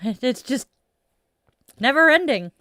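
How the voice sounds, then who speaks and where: A woman's voice: high-pitched, animated, measured pace, bright, forceful tone, no room sound, studio quality. A woman chatting casually with viewers on a stream, rambling and self-deprecating with frequent sighs. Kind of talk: casual live-stream chat.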